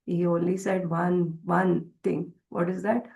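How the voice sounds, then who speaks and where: A woman's voice: fairly low pitch, little pitch movement, measured pace, vocal fry, darkish tone, low-quality recording. A woman teaching a devotional scripture class. She retells a story hesitantly, with many fillers and restarts.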